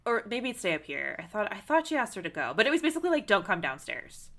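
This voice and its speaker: Podcast co-host, woman, bright tone, lively film recap with quotes acted out. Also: on the high side, fast talker. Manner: animated retelling, acting out quotes with swearing. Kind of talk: casual film discussion.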